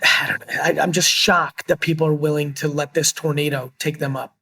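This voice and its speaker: A middle-aged man talks business in an emphatic, blunt voice. His pitch sits a little high for a man, and he swears casually as he pushes his points. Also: fairly even intonation, a little fast, gravelly, pushed and bright, slightly rough. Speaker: guest, entrepreneur. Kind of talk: energetic business interview.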